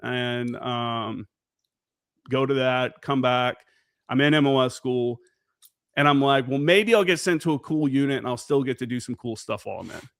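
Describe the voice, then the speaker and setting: A man's voice: medium pitch, normal speed, fairly bright tone, no room sound, clean studio sound. A man in his forties, a veteran guest on a podcast, telling stories in a casual, profane way and acting out the remembered dialogue. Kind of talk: casual storytelling interview.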